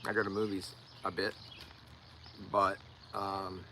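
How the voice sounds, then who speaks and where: A man's voice: low-pitched, little pitch movement, slow pace, sharp tone, a little hiss or hum, rough recording. A man with a Philadelphia accent talking casually to viewers on a live stream, often repeating words as he searches for them. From Delaware County, Pennsylvania. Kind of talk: casual livestream chat.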